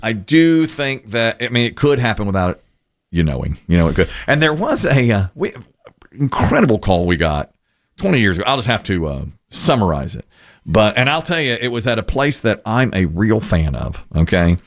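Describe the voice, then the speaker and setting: A male radio host in his fifties tells a story at an easy pace, his voice rising and dipping with every turn. The pitch sits on the low side but moves a great deal. He laughs often along the way. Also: big pitch swings, normal speed. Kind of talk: casual radio chat.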